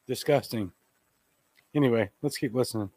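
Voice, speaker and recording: A man's voice: mid-range voice, normal speed, darkish tone, no room sound. A man hosting a live podcast, giving blunt, indignant commentary on a TV clip and talking straight to his listeners. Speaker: podcast host.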